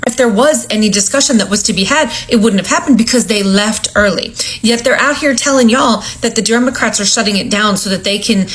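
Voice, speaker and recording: A woman's voice: mid-range voice, brisk, hardly any pauses, a bit bright, rough recording. A woman giving emphatic political commentary, repeatedly checking in with her listeners. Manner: insistent, keeps checking in with "okay?".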